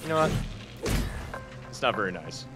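A man's voice: fairly low pitch, big pitch swings, moderate pace, over loud music. A man streaming a video game, chatting casually with viewers, swearing freely and laughing often. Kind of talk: casual gameplay commentary.

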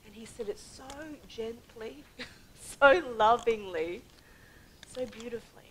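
Animated woman preacher, whispers and bursts. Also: a little high, unhurried, a little hiss or hum, rough recording. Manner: animated, swings from loud bursts to soft whispers; laughs often while preaching. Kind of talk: sermon.

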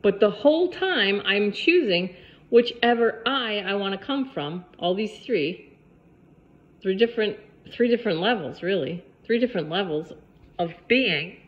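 A woman's voice: medium pitch, lively intonation, unhurried, dull audio. A woman vlogger giving a spiritual pep talk to camera, repeating her points emphatically in a preachy way.

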